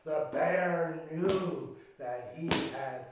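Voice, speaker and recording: Older male storyteller with a high, slow delivery, dramatic with young listeners; distant mic, roomy echo. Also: heavy background noise. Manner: dramatic, with gasps and sung chants, speaking directly to the listeners. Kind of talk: storytelling for children. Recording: echoey room, from far off the mic.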